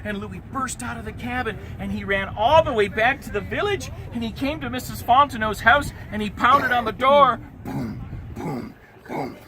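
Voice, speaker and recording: A man telling an interactive folk tale to an audience at an outdoor event, animated and drawing listeners in. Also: very high-pitched, moderate pace, few pauses. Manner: animated, teaching the audience gestures and sounds. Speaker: historical reenactor storyteller. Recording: outdoor street and traffic noise.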